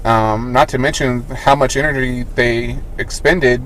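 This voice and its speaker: A man's voice: medium pitch, steady tone, measured pace, fairly bright tone, rough recording. Guy cohost getting worked up, rhetorical questions, faint hiss behind. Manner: emphatic, asks rhetorical questions. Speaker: podcast co-host. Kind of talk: casual paranormal podcast chat.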